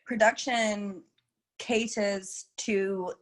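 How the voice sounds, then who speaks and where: A young woman from England, her accent a blend of British vowels and a laid-back Los Angeles flow. She talks in a loose, chatty way, scattering "like" and "you know" as she goes, with a middle-pitched voice. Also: very slow. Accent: mix of British and Los Angeles. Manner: chatty, many "like" and "you know" fillers, lively. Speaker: interview guest, reality show contestant. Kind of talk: casual chat.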